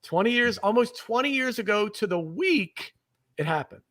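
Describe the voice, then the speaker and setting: A man's voice: sits high, animated, normal speed, a bit bright, far from the mic. A man hosting a podcast, chatting enthusiastically and rambling a little as he restarts his sentences. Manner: enthusiastic, rambling, repeats himself. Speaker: podcast host. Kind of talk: casual interview chat.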